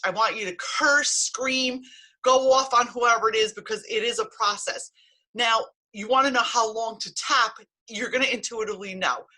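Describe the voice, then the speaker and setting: A woman's voice: mid-range voice, pushed and bright. A middle-aged woman, a healing practitioner and coach, giving a blunt, emphatic motivational talk to camera and swearing freely.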